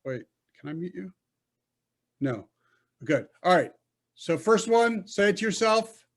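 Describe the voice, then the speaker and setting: A man's voice: high-pitched, very animated. A man teaching a Hebrew reading class over a video call, coaching patiently and sounding out syllables. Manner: patient, coaching, slow and deliberate. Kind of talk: online class instruction.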